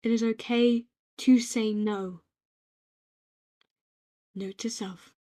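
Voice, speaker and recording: A young British woman gently rambling in a soft-spoken ASMR-style note to herself, reflective and quietly affirming, recorded on a home microphone. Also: fairly high pitch, fairly even intonation, slow pace. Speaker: ASMR creator.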